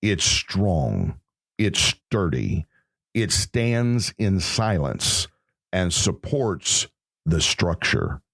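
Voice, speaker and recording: Slow, low-voiced preacherly man. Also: no echo, studio quality. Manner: earnest, preacherly, with drawn-out words. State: emotional. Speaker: podcast host. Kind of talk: inspirational Christian podcast talk.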